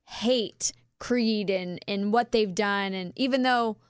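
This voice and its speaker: Woman filling in on a talk show, smooth clear voice, rambles on, dry mic. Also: medium pitch, slow, no echo. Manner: rambling, chatty. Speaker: fill-in co-host. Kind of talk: casual chat.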